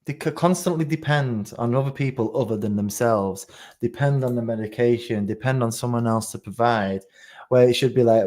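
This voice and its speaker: A middle-aged man talking as a guest on a casual podcast, reflective and halting, restarting his phrases. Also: mid-range voice, a little mellow.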